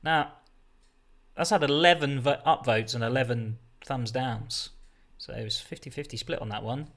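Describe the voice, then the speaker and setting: A man's voice: mid-range voice, moderate pace, a bit bright. Rambling man hosting a livestream. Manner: rambling, chatty, self-interrupting. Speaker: livestream host. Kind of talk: casual livestream chat. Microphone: desk setup with a mixer.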